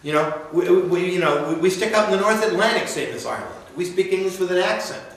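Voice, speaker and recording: A man's voice: sits high, lively intonation, fast. A man giving a folksy, rambling campaign speech to an audience at a university, often restarting his sentences. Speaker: political candidate. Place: university lecture room. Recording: echoey room, mic far off.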